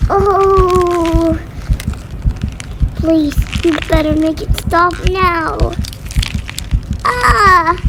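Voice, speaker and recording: A woman's voice: very high voice, animated, voice pushed up, full character voice. A woman voicing a teenage robot girl who has just been transformed and keeps gasping and crying out in alarm, in a fan-made audio drama. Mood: panicked. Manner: repeated gasps and cries of alarm, slow. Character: teen robot girl, freshly transformed, panicky. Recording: loud background noise.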